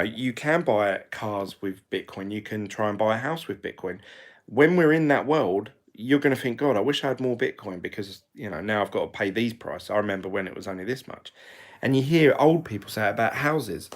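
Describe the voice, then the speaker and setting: Rambling British man, low voice. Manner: rambling, chatty, self-correcting. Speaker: crypto vlogger. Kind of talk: casual monologue to camera.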